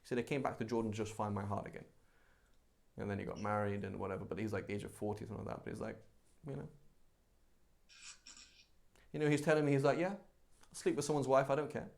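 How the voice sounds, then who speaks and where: A man teaching a live religious class in a conversational, animated way, acting out everyday examples. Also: on the low side, quick pace, creaky, long pauses. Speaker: Islamic teacher.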